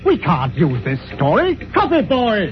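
An actor playing a blunt, scoffing newspaper editor in a 1940s radio play, on a dull old recording. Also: male voice, sits high, huge pitch swings, measured pace, over music, full character voice.

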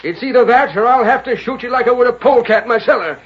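A man's voice: high-pitched, big pitch swings, normal speed, slight background noise. A hot-tempered old frontiersman. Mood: furious. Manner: blustering, rustic drawl. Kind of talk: 1930s radio drama acting. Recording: dull lo-fi old radio broadcast.

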